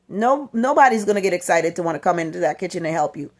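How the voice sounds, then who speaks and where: A woman's voice: on the low side, animated, fast, few pauses. A mother hosting her own channel, giving an emphatic inspirational talk to parents, repeating her key points and acting out the voices she quotes. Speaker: motivational channel host and mother.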